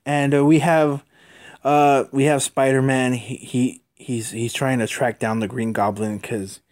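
A man hosts a podcast and recaps a comic book in a casual, rambling way. He stops and restarts often and fills gaps with "uh" and "um". His voice sits at an average pitch. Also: level tone, darkish tone. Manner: rambling, halting, many fillers. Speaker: podcast host.

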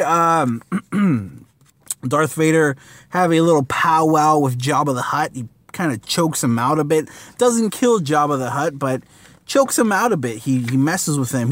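A man's voice: a little high, no echo. A man reviewing a comic book in a casual, rambling vlog, using lots of fillers and slang.

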